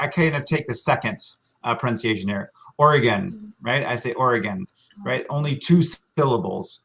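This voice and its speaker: An American man from Washington State, a virtual tour guide explaining slides in a relaxed, friendly way with many ums and uhs, on a computer mic for a live stream. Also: on the high side. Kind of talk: casual presentation over slides.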